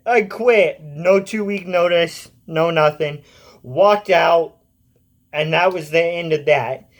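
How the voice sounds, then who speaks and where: Young man in his twenties, slightly high voice, casual and blunt, swears freely. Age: 20s. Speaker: vlogger. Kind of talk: casual personal storytelling.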